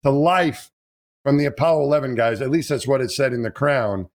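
A man telling a story in casual chat, animated and laughing as he talks. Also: mid-range voice, brisk. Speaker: astronaut guest telling stories.

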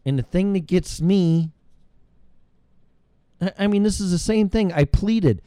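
A man's voice: high-pitched, a little slow, warm tone, clear, resonant tone, dry recording, clean studio sound. A middle-aged man hosting his own show, delivering a heated, rambling monologue full of profanity. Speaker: show host. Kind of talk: ranting monologue.

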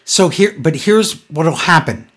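A woman's voice: low voice, animated, a little slow, fairly bright tone. A woman co-hosting a casual podcast, recapping a wrestling broadcast in an exasperated, sarcastic way. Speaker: podcast co-host.

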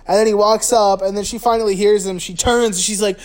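A man's voice: high-pitched, fairly even intonation, brisk. A man talks through a horror movie scene by scene in loose podcast chat. He swears freely, laughs along, and jumps into the characters' voices as he goes. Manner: profane, laughing, acts out characters' lines. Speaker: podcast co-host. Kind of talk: casual film recap chat.

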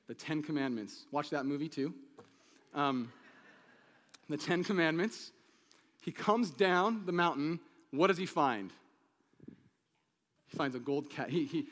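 Guy preaching, kinda high voice, chatty, keeps asking the crowd stuff, big echoey hall. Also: normal speed, fairly bright tone. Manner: conversational, asks the congregation questions, acts out quotes. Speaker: pastor. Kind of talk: sermon.

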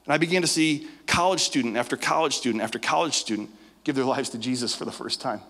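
Pastor preaching in a reverberant hall. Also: male voice, mid-range voice, fast. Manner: animated, stammers with repeated words. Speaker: guest pastor. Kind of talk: storytelling sermon.

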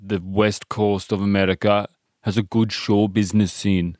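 A man's voice: on the low side, little pitch movement, moderate pace, a little mellow, no room sound, clean studio sound, natural voice. A man playing a pompous, self-important ship captain in his late forties. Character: pompous 48-year-old male ship captain.

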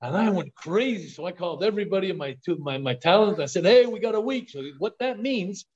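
Older man, podcast guest; eager, restart-heavy storyteller, slightly higher voice, muffled remote audio. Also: fast talker. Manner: excited storyteller, repeats words on restarts. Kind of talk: storytelling interview talk. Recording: dull lo-fi call audio.

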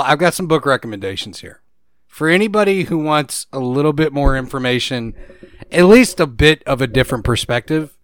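A young man co-hosting a podcast, casual and rambling, his sentences trailing off softly. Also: mid-range voice, smooth, no room sound, studio quality. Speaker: podcast co-host. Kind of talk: casual chat.

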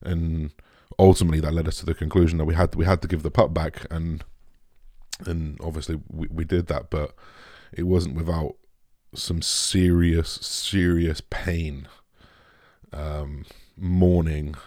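A young man talking candidly and emotionally to his viewers, halting often, restarting sentences and swearing. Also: a bass voice, level tone, a little mellow, no room sound, studio quality. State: emotional, shaken. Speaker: vlogger. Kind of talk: candid personal talk to camera.

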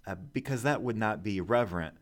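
A man co-hosting a podcast, explaining scripture in a measured, unhurried way. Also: fairly low pitch. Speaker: podcast co-host. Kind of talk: casual Bible discussion.

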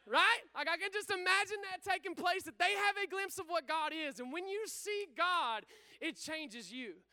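A man with a very high, bright, forceful voice preaches a lively sermon. He talks in casual slang and keeps calling out questions for the room to answer back. The sound is close and dry. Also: moderate pace, no room sound. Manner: energetic, call-and-response with the congregation.

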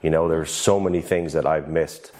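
A man speaking haltingly and earnestly in an emotional TV interview clip. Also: rumbling low, fairly even intonation, a crowd in the background. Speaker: father interviewed on a talk show clip.

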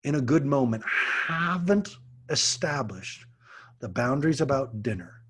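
A husky middle-aged man talks earnestly through a podcast monologue and shifts his voice to act out kids and parents. His pitch sits in an ordinary male middle range. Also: expressive, measured pace, fairly bright tone. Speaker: podcast host, parenting coach and martial arts teacher.

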